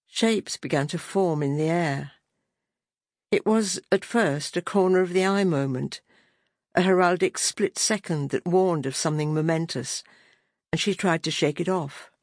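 A woman narrating an unabridged audiobook in a measured, deliberate reading voice. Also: lowish voice, a little mellow, no room sound, studio quality.

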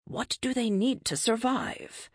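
A woman's voice: a little high, takes it slowly, slightly rough, dry recording, studio quality, pitched above the performer's own voice. A woman voicing a questioning, frustrated cosmic being in a science fiction story, asking pressing questions. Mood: urgent. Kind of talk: audiobook character reading.

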